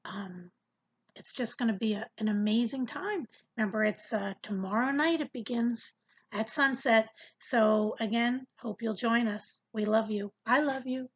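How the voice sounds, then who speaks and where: Woman leading a bible study, husky kinda higher voice, earnest and chatty, repeats herself a lot. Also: a little slow, poor audio. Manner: earnest, conversational, repeats words while searching for them. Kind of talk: casual Bible teaching to camera.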